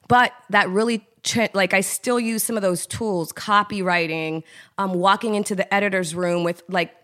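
A woman from Trinidad, speaking at a moderate pace with a mid-range voice, is a guest in a casual interview. She tells her story animatedly, acting out the voices of the people she quotes.

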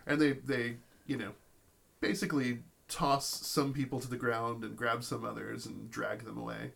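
A man's voice: medium pitch, flat delivery, normal speed, gravelly, fairly bright tone, slightly rough. A man narrating as game master of a tabletop role-playing game, telling the story with many fillers and restarts.

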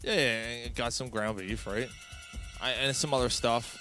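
A man hosting a podcast, telling a story in a casual, animated way and swearing often. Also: medium pitch, moderate pace, over music. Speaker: podcast host.

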